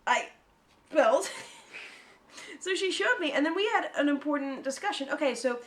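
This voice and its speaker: A woman co-hosting a podcast in casual chat. She is lively and swears freely, and she explains things at length. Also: high-pitched, moderate pace. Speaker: podcast co-host.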